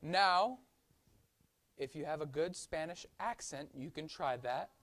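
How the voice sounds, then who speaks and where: A woman teaching a children's Sunday school class, coaxing the kids, singing and shouting along with them in a church classroom. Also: low-pitched, measured pace. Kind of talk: leading kids in song and chat.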